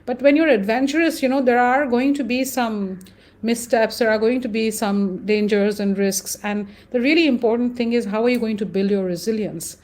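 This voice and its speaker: A woman with an Indian English accent, speaking as a guest in an interview, thoughtful and animated, often pausing with fillers. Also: fairly high pitch. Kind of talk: conversational interview.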